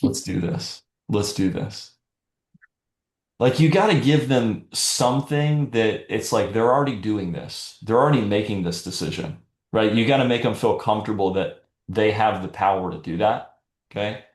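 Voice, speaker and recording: A man's voice: lowish voice, moderate pace, roomy sound. A man giving a live sales training talk in a direct, coaching manner.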